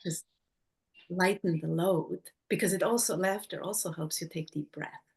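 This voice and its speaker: A woman's voice: lowish voice, fairly even intonation, moderate pace, gravelly. A woman hosting a podcast, talking in a reflective way and tagging her sentences with "right?". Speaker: podcast host. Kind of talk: casual conversation.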